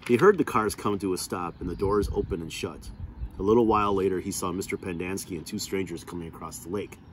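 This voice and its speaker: Man reader, lowish voice, steady novel read-aloud, faint noise behind. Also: fast talker.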